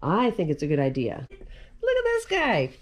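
A woman, a children's librarian, reading picture books aloud and talking to young children in an animated, sing-song way. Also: lowish voice, normal speed.

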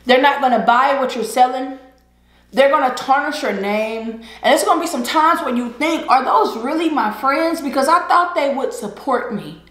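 Woman vlogger, high voice, earnest slangy pep talk, echoey room. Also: normal speed, a bit bright. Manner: earnest, preachy, swings into laughter and slang. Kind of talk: casual heartfelt monologue while eating. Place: indoors at home, eating a seafood boil.

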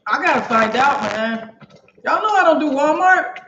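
A woman's voice: high-pitched, lively intonation, moderate pace, a bit bright, a little hiss or hum. Chatty woman in an echoey kitchen. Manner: chatty and exclamatory, speaks directly to viewers. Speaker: cooking livestream host. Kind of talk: casual chat while cooking and reading viewer comments. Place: home kitchen. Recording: echoey room, dull lo-fi sound.

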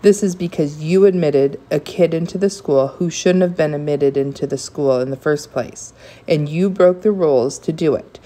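A woman reading aloud voices an indignant, sharp-tongued mother, raising her voice with heat. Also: low voice, moderate pace. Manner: raised, heated delivery.

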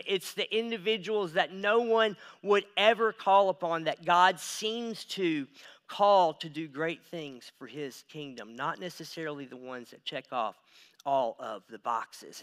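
A man in his thirties delivers a sermon from a church stage, his voice bright and a little higher than most men's. He drops into hushed, confiding asides, then climbs into loud, emphatic stretches. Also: unhurried, clear, resonant tone. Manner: swings between hushed asides and loud emphatic build-ups. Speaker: pastor.

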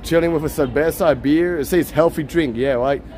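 A man's voice: a little high, a little fast, a little mellow, slight background noise. Joking man from Puerto Rico. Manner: joking, chatty, laughs a lot. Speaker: vlogger. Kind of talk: casual walking vlog. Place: city street outdoors.

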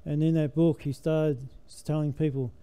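A man's voice: on the high side, level tone, moderate pace, mellow, clean tone. An older man preaching a sermon in a church, emphatic, his voice rising and falling with the message.

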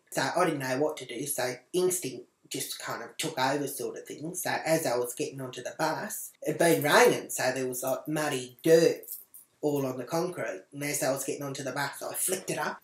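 A woman's voice: rumbling low, echoey room. An Australian woman ranting crudely to camera as a vlogger, swearing freely as she tells her story. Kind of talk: foul-mouthed comic rant to camera. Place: small indoor room at home.

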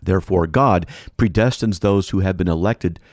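A man's voice: deep voice, moderate pace, darkish tone, no room sound, clean studio sound. A man hosting a radio show who teaches Bible doctrine and reads scripture references one after another in a methodical, emphatic way. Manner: emphatic, stresses Greek terms. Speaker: radio show host, apologist.

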